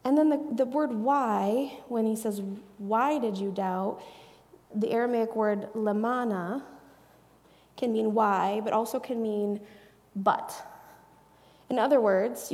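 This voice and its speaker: Woman Bible teacher, slightly high, gravelly and warm; earnest, chatty delivery in a reverberant space. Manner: earnest, chatty, drops into soft hushed asides. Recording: long echoey reverb.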